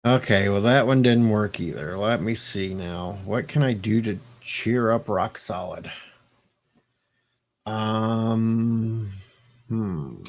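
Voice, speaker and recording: A man's voice: lowish voice, takes it slowly. A man on a late-night live stream, rambling and joking as he answers his viewers' chat. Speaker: livestreamer reading chat.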